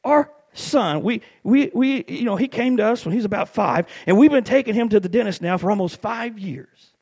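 A middle-aged preacher delivers a sermon in a storytelling way. His voice sits a little high and swoops widely, rising to shouted peaks. He talks to the congregation like family. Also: animated, normal speed, slightly rough.

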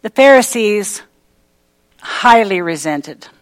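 A woman's voice: medium pitch, expressive, slow, clean tone, low-quality recording. A woman preaching a sermon, emphatic and repetitive, with folksy everyday asides.

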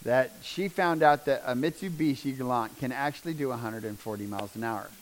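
A middle-aged man telling a personal testimony as a father, his telling raw and intense and swinging from hushed to loud. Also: medium pitch, fairly quick. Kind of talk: emotional personal testimony storytelling.

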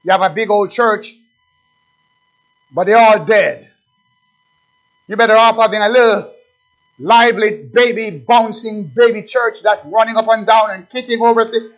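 A man preaching with a high, fervent voice, pushing up to shouts and then dropping to near murmurs. He exhorts his congregation in a sermon. The recording sounds dull and lo-fi. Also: moderate pace, long pauses. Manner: impassioned preaching, swings from shouting to hushed. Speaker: pastor.

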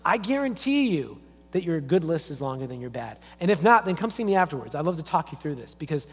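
A man's voice: a little high, very animated, quick pace, breathy edge. A man preaching a sermon as a pastor in a church, in a conversational storytelling way. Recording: long reverb of a church hall.

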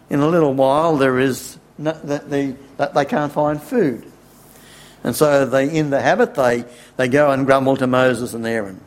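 A man preaching a sermon, unhurried, asking rhetorical questions and chuckling wryly. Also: medium pitch.

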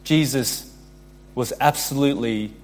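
A man's voice: medium pitch, measured pace. A man preaching a sermon as pastor, earnest, reading scripture aloud and building in intensity.

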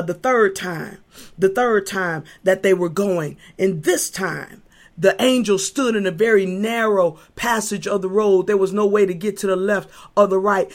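A woman preaching a sermon, moving from hushed talk to shouting, repeating herself and stumbling over fillers. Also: medium pitch. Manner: impassioned, swings from hushed to shouting.

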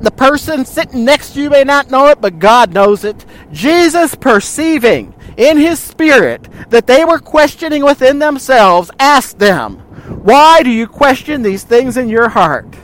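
A man's voice: very high-pitched, a bit bright. A male pastor preaching a sermon, speaking directly to the congregation and retelling scripture with rhetorical questions.

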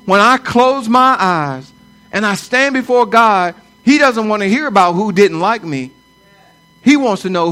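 A man's voice: high voice, lively intonation, normal speed, pushed and bright. A man in his forties preaching a sermon, repeating lines for emphasis and building to fervent declarations.

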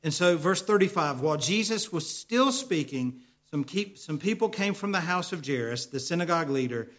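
A man's voice: on the high side, animated, normal speed, fairly bright tone. A man preaching a sermon as pastor, earnest, repeating key lines and asking the congregation questions.

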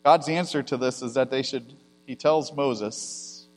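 A male pastor giving a conversational sermon, rising to loud emphasis and dropping to quiet asides. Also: mid-range voice, a little slow. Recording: long hall reverb with mains hum.

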